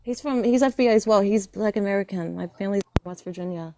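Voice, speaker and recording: A woman's voice: mid-range voice, quick pace, mellow, a little hiss or hum. A young woman from western Pennsylvania calling into a live stream, defensive and pushing back with questions. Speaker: caller.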